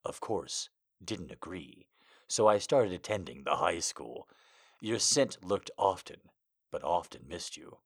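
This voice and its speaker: A man voicing a tender young werewolf alpha who talks in a breathy, hushed murmur, within a comedic reading of amateur fiction. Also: low voice, lively intonation, measured pace, voice pushed down, heavily acted.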